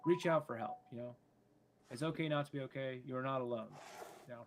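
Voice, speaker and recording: A man's voice: medium pitch, fast talker, background noise. A man co-hosting a casual online news chat over a remote call, questioning and earnest. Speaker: podcast co-host.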